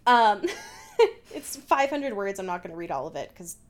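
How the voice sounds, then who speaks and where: A woman's voice: medium pitch, very animated, normal speed. A woman co-hosting a podcast in casual chat, laughing often and swearing freely. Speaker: podcast co-host.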